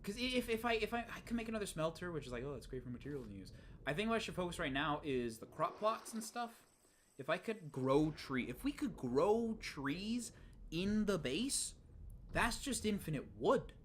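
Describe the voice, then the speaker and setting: An excitable gaming streamer chatting through a let's play with a lively, bouncing voice that roams up and down. The talk rambles, dropping into muttered whispers and then jumping to loud outbursts. A faint hiss of noise sits underneath. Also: medium pitch, normal speed. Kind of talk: casual let's play commentary.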